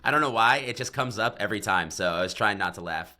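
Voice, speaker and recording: A man co-hosting a podcast in quick, jokey, self-deprecating casual chat. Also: on the low side, animated, pushed and bright, a little hiss or hum. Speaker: podcast co-host.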